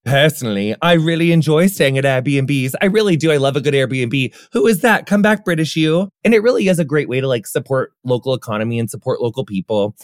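A man's voice: mid-range voice, fast talker, few pauses. A man in his thirties hosting a podcast in casual chat, effusive and gushing, calling people honey and saying like a lot. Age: 30s. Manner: effusive and gushing, calls listeners honey, heavy use of like. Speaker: podcast host.

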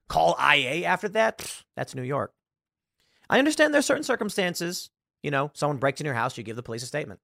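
A man with a fairly high, voice tells a story in a sarcastic, lively way and puts on the voices of the people he quotes. The sound is dry and close, with no room echo. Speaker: podcast host. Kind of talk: casual commentary.

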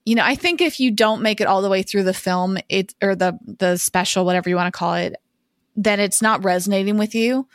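A woman's voice: medium pitch, fairly quick, no echo, studio quality. Thoughtful woman podcast co-host. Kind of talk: casual conversation.

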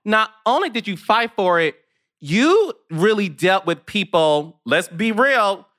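A man's voice: sits high, sing-song, slow, a bit bright. A man hosting a podcast interview, talking in an emphatic, theatrical and affectionate way. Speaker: podcast host. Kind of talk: casual interview chat.

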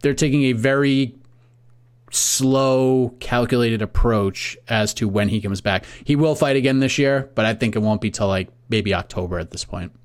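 Relaxed American man reading matchups. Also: medium pitch, moderate pace. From United States. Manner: relaxed, reads lists of matchups. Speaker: podcast co-host. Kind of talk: casual sports podcast chat.

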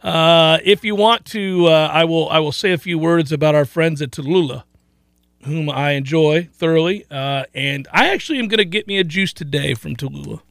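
A man hosting a sports radio show in a studio, telling stories in animated, exclaiming bursts. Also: fairly high pitch, moderate pace, vocal fry, no echo. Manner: animated storytelling, rising to loud exclaiming. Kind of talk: casual sports radio chat. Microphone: studio mic.

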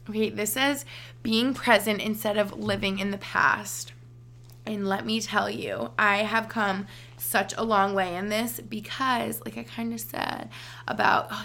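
A young woman in her twenties with a creaky, mid-range, slightly bright voice hosts a podcast. In a casual, chatty way full of fillers, she gives earnest relationship advice.

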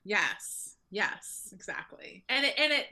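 Bright cheerful Midwestern woman. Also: medium pitch, big pitch swings, slow. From Ohio. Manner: cheerful, chatty, laughs often. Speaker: guest, therapist. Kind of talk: casual interview chat.

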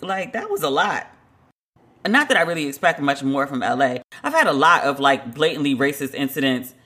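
Bright-voiced chatty woman storyteller. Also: mid-range voice. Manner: chatty, lots of "like" fillers, animated retelling. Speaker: podcast host. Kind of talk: casual storytelling monologue.

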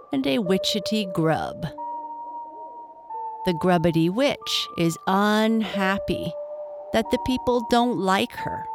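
A woman reading a rhyming children's story aloud, gentle and expressive. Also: on the low side.

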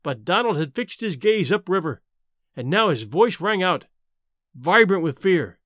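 A man reading an adventure story aloud as narrator, with an expressive, dramatic delivery on a close mic. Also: high-pitched, measured pace, dry recording. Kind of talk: scripted audiobook narration.

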